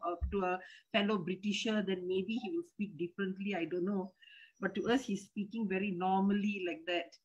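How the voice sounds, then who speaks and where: A woman's voice: mid-range voice, breathy edge, poor audio. Hesitant Malaysian woman on a call. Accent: Malaysian English. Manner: hesitant, repeats words and restarts, respectful. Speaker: disciple calling in with a question. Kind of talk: casual chat.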